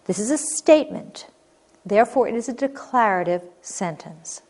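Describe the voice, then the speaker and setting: Lively, expressive woman teaching grammar. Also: a little high, moderate pace. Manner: clear, expressive reading of example sentences. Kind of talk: recorded grammar lesson.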